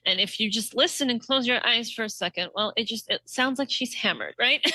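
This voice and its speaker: A woman impressionist in an interview, calmly explaining how she builds an impression. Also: a little high, fairly quick, no echo, low-quality recording. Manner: explanatory, analytical. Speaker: impressionist guest. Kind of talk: interview answers.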